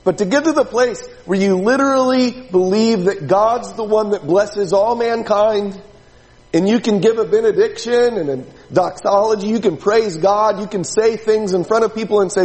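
Guy preaching a sermon, high voice, keeps asking the room questions, big echoey church. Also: normal speed, a little mellow. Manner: conversational preaching with rhetorical questions. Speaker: pastor.

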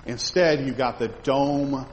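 A man's voice: mid-range voice, measured pace. A man teaching a Bible lesson in a conversational way, asking his listeners questions as he points to slides. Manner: animated, conversational, asks the audience questions. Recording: reverberant hall with faint background noise.

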